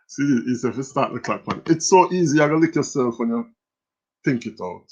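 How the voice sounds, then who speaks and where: A man with a Jamaican accent hosts a live quiz stream, joking around animatedly and reading viewer comments aloud. His voice is medium-pitched at a moderate pace, and the audio has a lo-fi stream quality.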